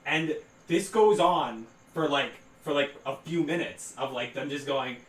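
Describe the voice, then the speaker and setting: A man's voice: mid-range voice, measured pace, hardly any pauses, recorded from a distance. A man in his twenties, co-hosting a podcast, telling a rambling story full of fillers and laughing through it. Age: 20s. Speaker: podcast co-host. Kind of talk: casual storytelling chat. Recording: roomy echo, off-mic, faint noise.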